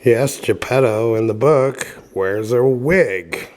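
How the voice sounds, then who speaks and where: Man, casual book reading with commentary, offhand and wry, medium pitch, filler pauses. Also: a little mellow. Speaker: reader and commentator.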